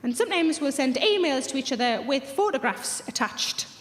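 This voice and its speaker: High-voiced woman doing stand-up. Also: moderate pace. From North East England. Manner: deadpan with rude punchlines. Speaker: stand-up comedian. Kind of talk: stand-up routine. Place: large theatre stage. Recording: echoey live theatre hall. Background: audience laughter.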